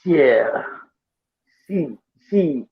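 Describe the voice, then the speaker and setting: Male co-host, casual storyteller, lively, plays the voices he quotes; muffled remote audio. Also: fairly high pitch, very slow, creaky. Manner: animated, mimics voices when quoting people. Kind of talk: casual chat.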